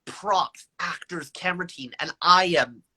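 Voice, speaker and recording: A young man, an actor guest in an interview, telling an animated story and acting out the lines of the people in it. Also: unhurried, husky, low-quality recording. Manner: energetic, acts out quoted lines in higher voices.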